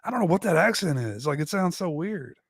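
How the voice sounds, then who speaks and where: Man with a slightly higher voice, relaxed. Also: fairly quick, slightly rough, no echo, clean studio sound. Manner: relaxed, short reactions and questions. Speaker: podcast co-host. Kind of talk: casual movie discussion.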